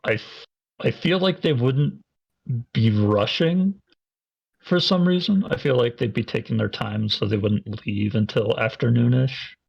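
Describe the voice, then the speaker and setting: A man playing a tabletop game, slowly working out travel times aloud. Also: mid-range voice, creaky, a little mellow, slightly rough. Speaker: player. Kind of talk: casual game talk. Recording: dull lo-fi mic.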